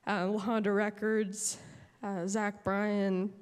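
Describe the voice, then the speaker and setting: Woman, award acceptance speech, halting, filler-heavy, stage mic, long hall reverb. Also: medium pitch, flat delivery, smooth. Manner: halting, many fillers and restarts. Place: large hall at an awards show.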